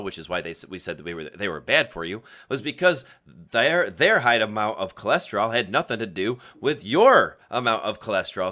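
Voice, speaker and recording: Low, bright-toned man who explains at length and laughs a lot, for a casual live-stream host. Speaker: podcast host answering questions.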